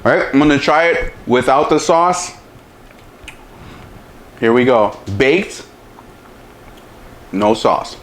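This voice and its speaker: A man's voice: medium pitch, slight background noise. A man hosting a casual cooking demo and taste test, humming over each bite and talking with his mouth full. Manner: talks with mouth full, lots of savoring hums; slow, relaxed delivery. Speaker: chef, cooking show host.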